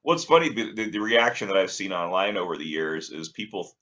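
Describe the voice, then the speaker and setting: Male interview host, very deep, sharp bright tone, lo-fi recording. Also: animated, fairly quick. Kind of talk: casual interview questions. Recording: dull lo-fi sound.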